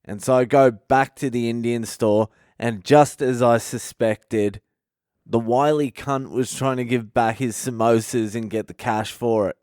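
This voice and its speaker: A man's voice: mid-range voice, steady tone, unhurried, darkish tone, dry recording. A man, a comedian hosting a podcast and telling a profane, laid-back story into a close mic.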